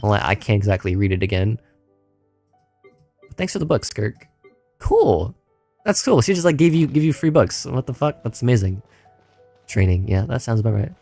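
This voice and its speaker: A man's voice: on the low side, very animated, normal speed, long pauses, dark tone, soft background music. A man streaming a video game who rambles, repeats himself and laughs a lot, sounding tired as his voice wears out. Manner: rambling, stammering, laughing often. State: tired, voice going. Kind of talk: casual gaming livestream chat.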